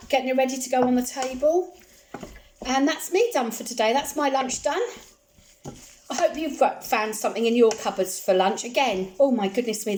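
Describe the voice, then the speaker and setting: A woman's voice: on the high side, darkish tone, slight background noise. Chatty, reassuring woman cooking at home. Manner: chatty, reassuring, repeats phrases for comfort. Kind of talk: casual chat while cooking. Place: home kitchen.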